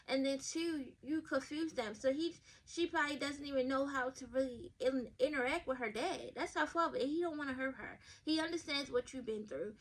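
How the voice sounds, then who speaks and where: Woman, podcast host, high voice, blunt, profane, chatty, reads stories aloud, stumbles on words. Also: a bit bright. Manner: stumbles over words when reading aloud. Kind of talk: casual podcast commentary reading advice stories.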